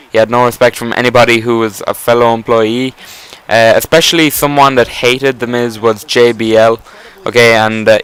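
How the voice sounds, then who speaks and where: A man's voice: mid-range voice, fairly bright tone, clean tone, rough recording. A man giving casual gameplay commentary, rambling enthusiastically with frequent restarts and casual swearing.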